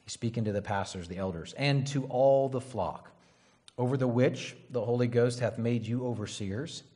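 A man's voice: medium pitch, moderate pace, warm tone. Casual rambling male preacher. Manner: casual, rambling, frequent "right?" and "you know". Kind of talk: conversational sermon.

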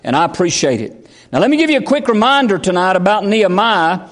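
A man's voice: high voice, lively intonation, quick pace. A man, preaching a fervent, folksy sermon as pastor. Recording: long hall reverb.

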